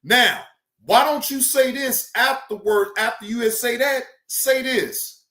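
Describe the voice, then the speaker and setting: A high, bright female voice that takes its time, loud and mocking, full of profanity and laughter. She talks over a clip like a running comedic commentary, and the room throws her voice back with a noticeable echo. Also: animated, slow pace. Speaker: reaction video host.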